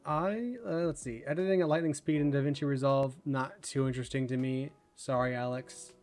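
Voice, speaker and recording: A man hosting a livestream, chatting casually and rambling, his words running together when he talks fast. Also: medium pitch, fairly even intonation, a little mellow, faint music behind. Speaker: livestream host.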